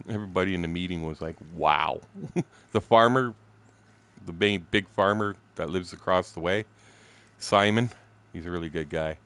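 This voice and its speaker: A man's voice: sits low, normal speed, long pauses, fairly bright tone. A man in his sixties, a gaming streamer, telling a story in blunt, profane, casual talk. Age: 60s.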